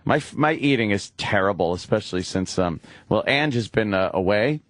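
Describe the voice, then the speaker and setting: A man's voice: fairly low pitch, animated, moderate pace, no echo. Rambling man in dry studio banter. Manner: rambling, laughs at himself. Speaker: radio host.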